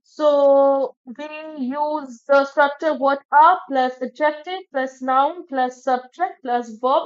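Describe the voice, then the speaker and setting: A woman's voice: sits high, fairly even intonation, slow pace, few pauses, muffled recording. A woman teaching an English grammar lesson, explaining step by step and checking in with "okay" as she goes.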